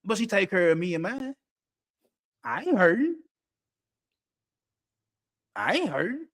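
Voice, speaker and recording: A man's voice: high voice, huge pitch swings, measured pace, fairly bright tone. A man hosting an unscripted monologue, blunt and profane, laughing often as he talks. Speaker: podcast host.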